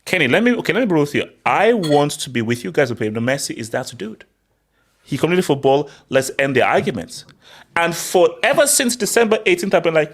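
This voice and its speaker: A man hosting a casual football chat, excitable and repeating himself as he argues. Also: on the high side, a little fast. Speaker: show host.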